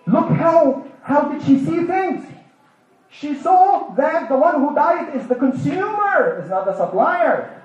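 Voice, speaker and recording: A male preacher giving an interactive sermon, animated, asking the audience questions and then answering them himself. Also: very high-pitched, slow pace, faint music behind. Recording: echoey hall, distant dull mic.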